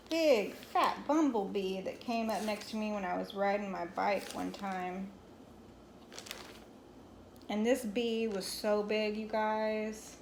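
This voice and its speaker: A woman in her forties chatting casually to her viewers from home, rambling through a childhood story with plenty of asides. Her voice sits at a middling pitch, with a little faint room noise behind her. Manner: rambling, chatty, talks straight to viewers, scolds a pet mid-story. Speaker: crochet vlogger.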